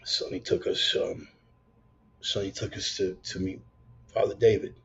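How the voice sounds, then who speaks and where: A man's voice: lowish voice, wildly swooping pitch, a little slow, gravelly, a bit bright, dull audio, a little hiss or hum. A man giving a conversational, emphatic sermon told as a personal story. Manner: conversational, emphatic, swears in passing. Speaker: preacher.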